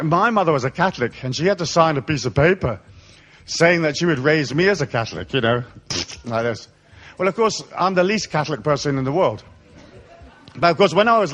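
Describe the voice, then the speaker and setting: A man's voice: fairly high pitch, expressive, brisk, fairly bright tone, muffled recording. A man raised in Africa, giving a live seminar in an irreverent, profane, sardonic comic style. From raised in Africa, born in England. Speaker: seminar speaker. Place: live audience hall.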